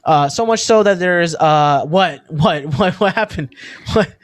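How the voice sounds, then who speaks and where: Brief: twenties man, podcast co-host, high and lively, loose rambling chat with swearing, dry close sound. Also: a little slow, no echo. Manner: loose, rambling, swears freely, laughs often. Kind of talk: casual chat.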